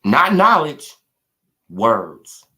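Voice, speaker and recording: A young man ranting in a casual live stream, trash-talking with lots of repetition and bursts of loud laughter. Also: mid-range voice, huge pitch swings, extremely slow. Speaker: boxing commentary streamer.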